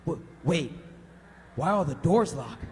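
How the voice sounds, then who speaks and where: A man's voice: a little high, lively intonation, slow, darkish tone, pitched below the performer's own voice. A man playing a panicked young male victim who hides from a killer, yelping frantically, recorded in an echoey hall. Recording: echoey hall with faint ambience.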